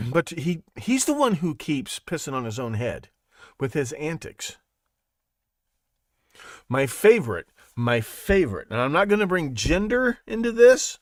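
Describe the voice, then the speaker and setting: A man's voice: on the high side, no room sound, clean studio sound. A man hosting his own show, talking in a rambling, sarcastic way and laughing at his own jokes. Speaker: podcast host. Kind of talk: casual monologue.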